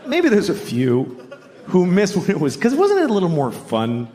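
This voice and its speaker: A middle-aged man doing a blunt, deadpan stand-up comedy set, often acting out other people's voices. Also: high-pitched, normal speed. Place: stage before a laughing audience. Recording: live stage recording with audience noise. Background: audience laughter.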